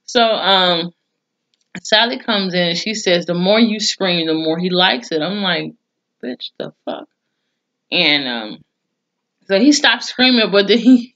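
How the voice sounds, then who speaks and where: A woman's voice: mid-range voice, a bit bright, dull audio. A woman giving a blunt, chatty recap of a TV episode, swearing freely and reacting with mock disgust. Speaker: TV episode reviewer. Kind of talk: casual spoken recap.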